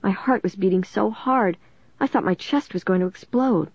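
A woman's voice: mid-range voice, moderate pace, breathy edge, no room sound, muffled recording. A woman narrating a first-person storybook in a tense, suspenseful reading. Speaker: audiobook narrator.

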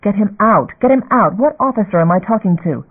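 A man's voice: sits high, brisk. A man reading the part of a tough woman starship captain, giving clipped, urgent orders. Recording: phone-like narrow band.

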